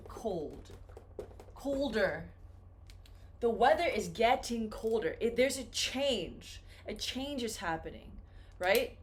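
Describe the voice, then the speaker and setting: A woman teaching English, explaining patiently with simple examples in a slow, careful lesson. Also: a little high, animated, a little hiss or hum.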